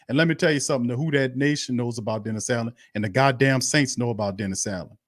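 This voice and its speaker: A man's voice: medium pitch, quick pace, hardly any pauses, no echo, clean studio sound. A man hosting a live sports stream, ranting bluntly and profanely, repeating himself in heated bursts. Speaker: sports show host.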